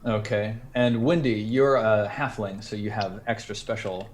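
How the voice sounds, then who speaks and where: A man's voice: on the low side, fairly even intonation, a little slow, a little hiss or hum. A man narrating a tabletop role-playing game as game master, casual and hesitant with lots of fillers.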